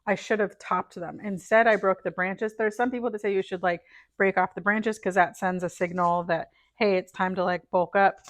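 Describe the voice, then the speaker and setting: A gardening vlogger, a middle-aged woman, casually talks while planting seeds at home indoors, voicing her thoughts and murmuring as she sorts packets. Her pitch is medium and her intonation fairly even, at a moderate pace, in a dry recording.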